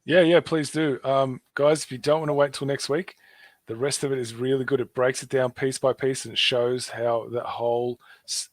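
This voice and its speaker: A man's voice: medium pitch, no echo. A man with an Australian accent hosting an online show, talking earnestly and casually, repeating himself with fillers. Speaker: host.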